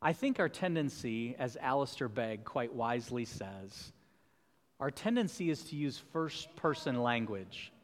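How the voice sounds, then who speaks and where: A man's voice: mid-range voice, expressive, a little slow. A man pastor preaching a sermon in a church, building emphatic repeated refrains. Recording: long hall reverb.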